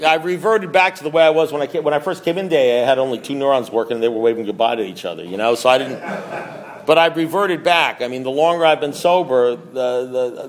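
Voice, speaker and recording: Rambling self-mocking middle-aged man. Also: medium pitch. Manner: rambling, self-mocking, animated storytelling with restarts. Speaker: recovery meeting speaker. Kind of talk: storytelling share at a support meeting.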